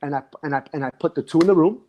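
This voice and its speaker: A man's voice: on the high side, rapid-fire, dark tone, a little hiss or hum. Reflective man telling a personal story. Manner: reflective, emotional storytelling with repeated restarts. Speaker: guest; dance instructor. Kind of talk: casual conversation.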